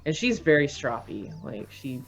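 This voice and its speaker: A woman's voice: rumbling low, big pitch swings, moderate pace, vocal fry, faint music behind. A Canadian woman co-hosting a live stream, chatting casually and laughing often. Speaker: stream co-host.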